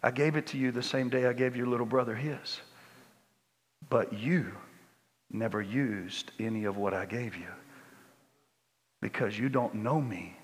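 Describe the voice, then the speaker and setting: A man voicing a gentle, loving father, speaking softly and slowly in a church. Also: long reverb tail, lightly acted. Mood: tender. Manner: soft, slow and low.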